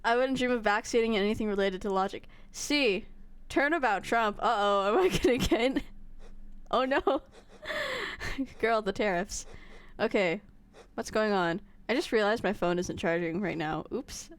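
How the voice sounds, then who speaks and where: A woman's voice: medium pitch, lively intonation. A woman streaming a game, chatting casually with her viewers and poking fun at herself. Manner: chatty, self-mocking, quick to laugh.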